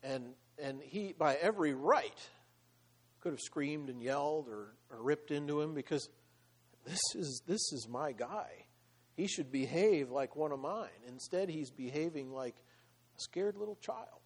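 A man preaching a sermon with a slightly raised pitch for his sex. He moves between reading scripture aloud and explaining it in a loose, conversational way, with fillers and the odd laugh. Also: lively intonation, a little slow, husky. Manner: conversational, with fillers and laughs, voicing God in paraphrase.

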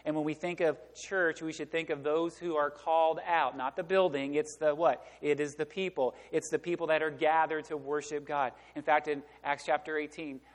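A man preaching a sermon as pastor, emphatic, often pausing for the congregation to fill in the words. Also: on the high side, fairly even intonation. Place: church sanctuary. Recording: long church reverb.

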